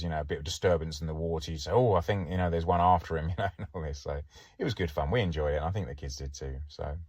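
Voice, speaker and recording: A man's voice: very deep voice, a little mellow, no room sound, studio quality. A middle-aged man, a podcast host and former police diver, telling stories in a chatty, wry way and often laughing. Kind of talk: casual anecdotal storytelling.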